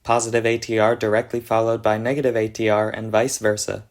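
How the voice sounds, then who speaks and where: A man's voice: lowish voice, level tone, brisk. A man narrating a scripted explanation of an invented language, with a dry, mock-serious delivery. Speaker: conlang video narrator.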